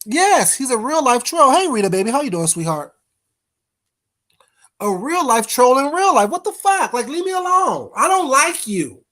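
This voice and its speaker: A man's voice: extremely high pitch, very animated, normal speed, hardly any pauses, pushed and bright. A man hosting a casual livestream, bluntly cussing out trolls and greeting viewers in the chat by name. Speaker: livestream host.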